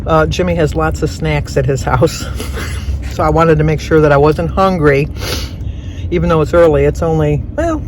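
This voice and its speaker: A woman in her seventies chatting casually as she films her day, self-deprecating and quick to laugh. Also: low-pitched, fairly even intonation, a little mellow. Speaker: vlogger. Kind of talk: casual chat. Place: in a truck and outdoors. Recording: noisy phone video.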